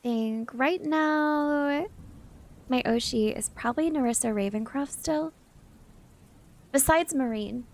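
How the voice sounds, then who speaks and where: A woman's voice: high voice, slow, pauses often. A young woman from the South, chatting casually with her live-stream chat as a VTuber and reading out messages as she answers them. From Southern United States.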